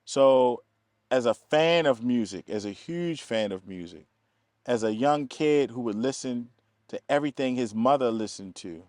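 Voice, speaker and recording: Man from telling lively stories. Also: medium pitch, a little slow, no room sound, studio quality. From East Baltimore, USA. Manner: animated, acts out quoted voices, laughs often. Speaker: film producer, guest. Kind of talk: casual interview storytelling.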